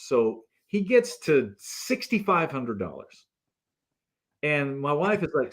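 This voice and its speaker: A man, a guest on a talk show, telling a story in a relaxed, animated way and acting out the people in it. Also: on the high side, measured pace. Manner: animated storyteller who acts out the people in his stories. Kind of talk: casual anecdote telling.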